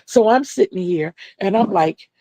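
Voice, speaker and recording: A woman's voice: mid-range voice, expressive, normal speed, mellow, no echo. A middle-aged woman hosting a crochet livestream, telling stories in a chatty way and answering viewers' comments.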